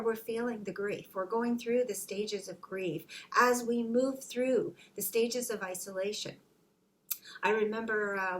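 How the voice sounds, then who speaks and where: A middle-aged woman giving a spiritual care talk on grief. She speaks earnestly, acts out people's reactions with sudden jumps in pitch, and sinks to a soft, breathy near-whisper on serious points. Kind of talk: informal teaching talk.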